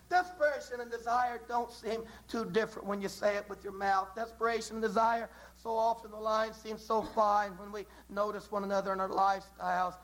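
A man's voice: very high voice, fairly bright tone, rough recording. A man preaching a sermon with passion, repeating phrases and building to dramatic rises. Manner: impassioned, repetitive, with dramatic rises.

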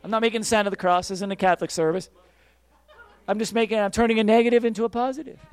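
A man preaching a sermon, fervent, swinging from quiet musings to shouted praise and acting out quoted voices. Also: high voice, fairly even intonation, very fast, smooth.

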